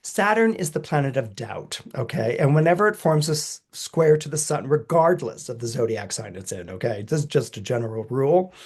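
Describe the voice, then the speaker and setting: Animated man explaining astrology. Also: fairly quick, hardly any pauses, husky. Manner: animated, acts out quoted voices with big pitch jumps; chuckles often while explaining. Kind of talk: podcast talk explaining astrology.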